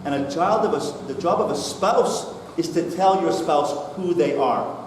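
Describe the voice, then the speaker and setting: A middle-aged man gives a talk in a synagogue, animatedly acting out a family story. His slightly high voice carries through a long, reverberant hall, picked up by a distant mic over steady background noise. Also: normal speed. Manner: animated storyteller, acts out dialogue. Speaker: rabbi giving a talk. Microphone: distant mic, far from the speaker. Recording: echoey hall recorded from far off.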